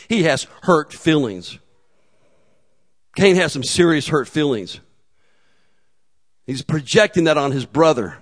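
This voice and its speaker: A man preaching a sermon in a relaxed, conversational way, with humor and acted asides. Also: on the high side. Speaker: pastor.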